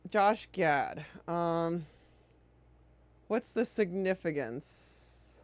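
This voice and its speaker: A woman's voice: mid-range voice, expressive, normal speed, no echo. A woman streamer chatting casually while playing a game, sarcastic and prone to swearing. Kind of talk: casual chat while gaming.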